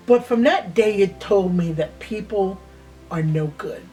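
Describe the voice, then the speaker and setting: A woman in her sixties slowly telling a personal childhood memory in a reflective way, sometimes dropping to a near-whisper. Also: mid-range voice, warm tone, soft background music. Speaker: host. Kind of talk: personal storytelling.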